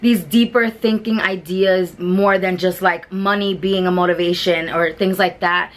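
A woman's voice: on the low side, fairly even intonation, a little slow. A woman, chatting casually and rambling through a review of television shows, full of fillers and restarts. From New York. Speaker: beauty vlogger.

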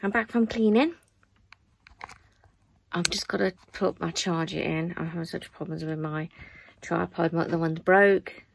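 A woman's voice: on the low side, fairly even intonation, unhurried, gravelly, pauses often, a little hiss or hum. Tired chatty woman vlogging. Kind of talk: casual vlog chat. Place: her bedroom at home.

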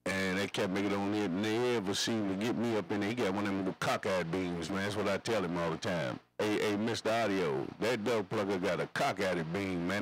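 A man's voice: on the low side, rough recording. A man chatting over CB radio, rambling in slangy, repetitive radio lingo. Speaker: CB radio operator.

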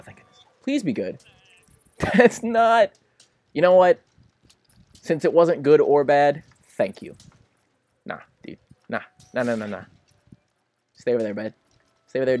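Young male gamer, animated swooping delivery, dry close mic, over-the-top reactions. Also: fairly high pitch, no echo. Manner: excitable, melodramatic, swings between pleading and laughing. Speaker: gaming commentator. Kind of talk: casual let's-play commentary.

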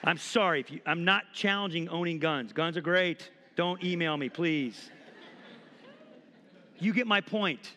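A man's voice: fairly high pitch, measured pace, sharp tone, big-room sound, a faint crowd. A man in his forties preaching a sermon as pastor, impassioned and conversational, acting out quotes. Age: 40s. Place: church sanctuary.

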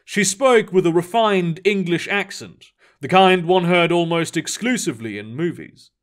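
A man narrating a sci-fi story aloud in an expressive reading style. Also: high-pitched, moderate pace.

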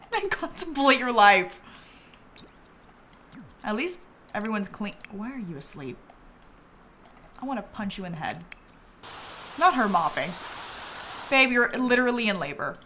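A woman hosting a gameplay livestream, chatting to viewers, giggly and easily excited, thanking them for subscriptions. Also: fairly high pitch, measured pace, long pauses, slight background noise. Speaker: livestream host.

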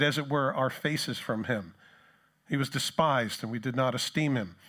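A man's voice: mid-range voice, fairly bright tone. Man preaching a conversational sermon. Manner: conversational preaching, acts out mocking voices of the crowd. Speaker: pastor.

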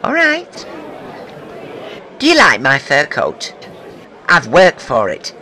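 A man's voice: fairly high pitch, wildly swooping pitch, slow, pushed and bright, a faint crowd, a little hiss or hum, exaggerated voice. A man, fan-dubbing foul-mouthed, feuding soap characters in a comic, insulting style. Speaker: fan comedy dubber voicing several soap characters.

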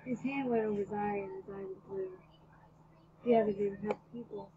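A woman reading her own fan fiction aloud as a video host, excitable and dramatic, jumping between loud outbursts and hushed mumbling. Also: mid-range voice, moderate pace. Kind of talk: read-aloud story narration. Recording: dull lo-fi recording, faint hiss.

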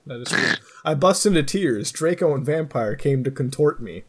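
A man's voice: on the high side, lively intonation, moderate pace, slightly rough. A man hosting a comedic read-aloud of fan fiction, exasperated and profane, narrating in a mock-dramatic way. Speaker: host.

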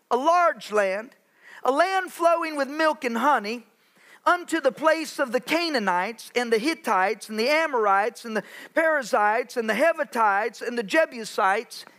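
High, bright-voiced preaching pastor. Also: male voice. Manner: preaching with dramatic pauses, acting out Bible voices. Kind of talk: sermon. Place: church sanctuary.

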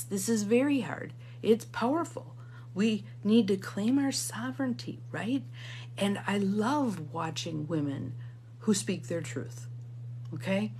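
A woman's voice: mid-range voice, darkish tone. A middle-aged woman leads a motivational coaching session. Her delivery is emphatic, and she repeats key phrases. A faint electrical hum runs beneath her voice. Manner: emphatic, repeats key phrases, reads viewer comments aloud. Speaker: intuitive guidance coach. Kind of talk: live motivational coaching talk.

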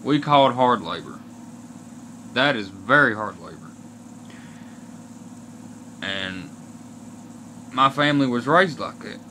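Here a young vlogger from Kentucky, USA, with an Appalachian accent airs his grievances bluntly to camera, swearing a lot. His medium-pitched voice is bright and forceful with lively intonation, though his pacing stays slow and deliberate. There's a little hiss or hum.

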